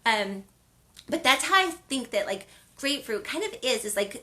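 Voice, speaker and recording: A woman from the western United States hosts a casual wellness vlog. Her voice is bright and a bit high, and she chats in a loose, rambling way with frequent fillers. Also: very animated, moderate pace. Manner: chatty and rambling, with many fillers. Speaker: host of a wellness and affirmation video series. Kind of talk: casual chat.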